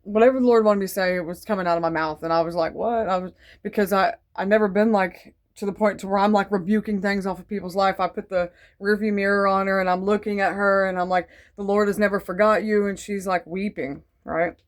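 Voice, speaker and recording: A woman's voice: mid-range voice, fairly even intonation, fast. A woman casually telling a faith testimony in a rambling, digressive way, full of fillers, earnest and devout. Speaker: Christian testimony vlogger.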